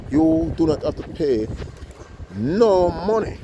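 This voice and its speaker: A kind male surgeon speaks earnestly and soothingly, repeating his reassurances over and over. A man puts him on while telling the story, in a voice close to his own. The tone stays slightly high and sincere. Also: big pitch swings, takes it slowly, background noise. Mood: reassuring.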